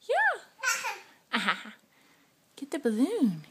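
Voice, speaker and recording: High, sing-song mother talking baby talk. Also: very animated, takes it slowly, long pauses, a bit bright, slight background noise. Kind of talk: home video, talking to a baby.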